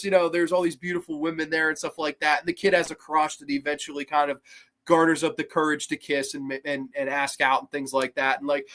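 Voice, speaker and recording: Male host, casual film review, enthusiastic, slightly high-pitched. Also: fairly even intonation, a little fast, a bit bright. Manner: enthusiastic, acts out quoted lines in a higher voice.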